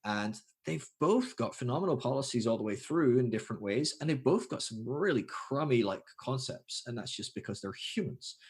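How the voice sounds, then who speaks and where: Husky, lively-voiced man chatting. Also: mid-range voice, brisk, few pauses. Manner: animated, acts out quoted voices; thinks aloud with fillers and restarts. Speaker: podcast guest. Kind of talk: casual conversation.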